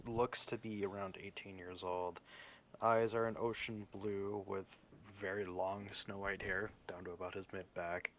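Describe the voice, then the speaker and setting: Low-voiced man reading a character sheet. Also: little pitch movement, unhurried, a bit bright, a little hiss or hum. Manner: listing details steadily, with occasional fillers. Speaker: player.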